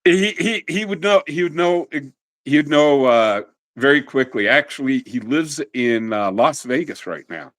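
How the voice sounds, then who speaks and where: A middle-aged man being interviewed, telling animated stories in a casual way and quick to laugh. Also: fairly high pitch. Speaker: interview guest.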